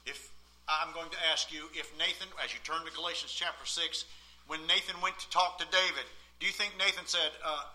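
A man preaches from the pulpit of a church, alternating forceful, emphatic outbursts with hushed asides. He speaks a little fast, with a fairly high pitch and a steady tone.

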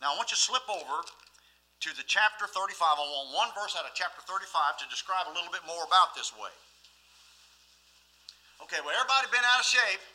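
A man delivers a sermon in a high voice with a piercingly bright, tense edge. He preaches in a folksy, emphatic way and keeps asking the congregation rhetorical questions. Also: animated, brisk, long pauses, low-quality recording.

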